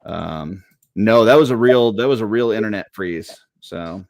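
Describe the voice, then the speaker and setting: Deep-voiced man chatting casually on a stream. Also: unhurried, vocal fry, no room sound, clean studio sound. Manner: relaxed, rambling, laughs often. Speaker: co-host reading viewer comments. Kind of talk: casual live-stream chat.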